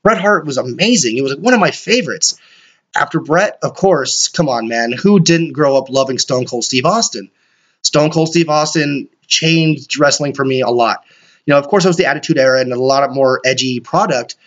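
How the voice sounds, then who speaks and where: A man hosting a solo podcast, rambling excitably and swearing often. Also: medium pitch, moderate pace. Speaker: podcast host. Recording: dull lo-fi recording.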